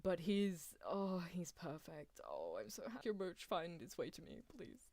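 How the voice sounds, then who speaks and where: Wearing headphones while streaming, a woman reacts live to anime, gushing excitedly and laughing a lot as she swings from loud cries to hushed near-whispers. Her voice sits on the low side at a measured pace, with no room sound.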